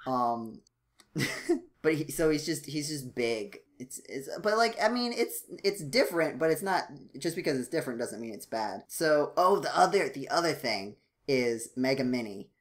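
A man co-hosting a casual podcast, rambling with many restarts and fillers, his voice jumping up when he gets excited. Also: normal speed. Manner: animated, jumps up in pitch when excited. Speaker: podcast co-host.

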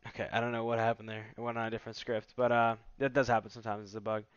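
A man hosts a relaxed, upbeat product demo with a salesy edge. His voice is smooth and resonant. The recording is dry and slightly muffled. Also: mid-range voice, rapid-fire, no echo. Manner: casual, enthusiastic salesy delivery. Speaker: tech vlogger host. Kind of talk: casual product demo commentary.

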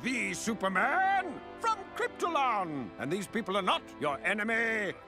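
An actor playing a hammy, theatrical male clay monster who fancies himself a great actor, speaking grandly in an animated comedy. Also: high voice, unhurried, loud music behind the voice, full character voice. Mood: grandiose. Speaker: shapeshifting clay actor character.

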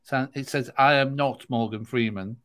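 A man's voice: mid-range voice, steady tone, normal speed, fairly bright tone. Give me a middle-aged man in casual podcast chat, rambling and hesitant. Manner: rambling, hesitant, many fillers. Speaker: podcast co-host.

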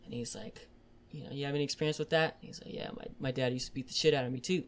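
A man's voice: mid-range voice, fairly even intonation, rapid-fire, smooth. Rambling, profane man chatting. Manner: rambling, profane storytelling with many fillers. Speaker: podcast co-host. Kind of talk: casual chat.

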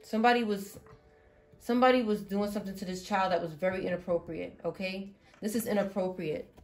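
Woman tarot reader, halting, repeats herself, faint music behind. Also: medium pitch, steady tone. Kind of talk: intuitive tarot reading.

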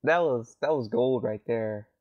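A man's voice: medium pitch, unhurried, dull audio. A young man co-hosting a casual podcast, blunt and dryly teasing. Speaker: podcast co-host.

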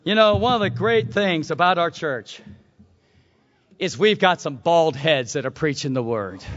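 A man preaching a sermon, telling the story dramatically and swinging from shouts to hushed tones. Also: a little high, expressive, measured pace, slight background noise. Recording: dull lo-fi recording.

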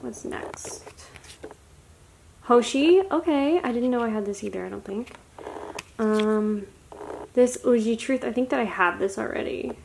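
A young woman talks casually through an unboxing, gushing and excitable as she gasps over each find. Her voice sits fairly high, and a faint noise floor runs under the home recording. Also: vocal fry. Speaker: vlogger. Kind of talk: casual haul unboxing chat.

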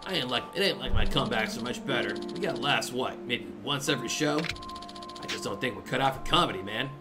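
A man's voice: mid-range voice, animated, fairly quick, close to an everyday voice. Man voicing a sheepish, aimless ex-comedian. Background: game music.

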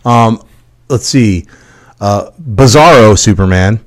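A man on a podcast panel in casual comedic chat, animated and slipping into silly voices mid-story. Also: fairly low pitch, takes it slowly.

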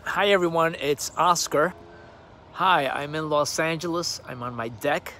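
Brief: man, fairly high voice, hesitant and rambling, casual message recorded outdoors with faint noise. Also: measured pace, sharp tone. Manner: hesitant, lots of ums and uhs. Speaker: actor recording a personal video message. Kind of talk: casual, rambling video greeting. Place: outdoor home deck.

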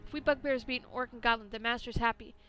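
A woman's voice: fairly high pitch, steady tone, fast, pushed and bright. A woman reading out a captive male bugbear's lines in broken, caveman-like grammar. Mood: explaining. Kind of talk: reading game dialogue aloud.

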